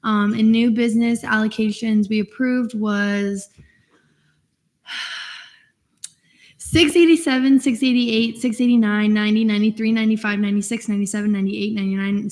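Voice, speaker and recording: A woman's voice: mid-range voice, normal speed, low-quality recording. Young woman reading a list of numbers. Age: young adult. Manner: monotone listing, steady. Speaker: committee chair reading allocations.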